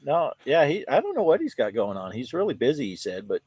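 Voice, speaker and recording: A man's voice: mid-range voice, huge pitch swings, brisk, a little mellow, breathy edge, no room sound. A man co-hosting a casual livestream chat, laughing through his own stories and reading chat aloud. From southern United States. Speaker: co-host of a livestream chat show.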